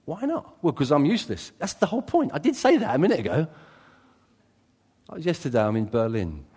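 Animated preacher in a reverberant hall. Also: male voice, a little high, fairly quick, husky. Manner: animated, swings from loud exclamations to quiet asides. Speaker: pastor. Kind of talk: sermon. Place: church.

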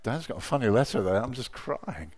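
A middle-aged man preaching a sermon, telling personal stories with emotion, dropping to a hush and then rising to loud exclamations. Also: mid-range voice, sing-song, fairly quick. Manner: emotional, swings from hushed storytelling to loud exclamation.

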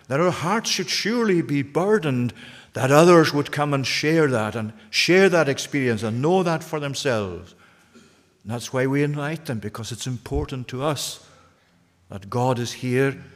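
A pastor preaching a sermon, earnest, putting repeated questions to the congregation. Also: male voice, medium pitch, big-room sound. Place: church.

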